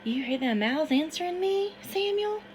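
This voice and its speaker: A woman voicing an excitable runaway man who hollers and hoots in dialect. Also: very high-pitched, normal speed, slight background noise, voice pushed up. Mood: eager hushed. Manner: loud, hollering, dialect speech.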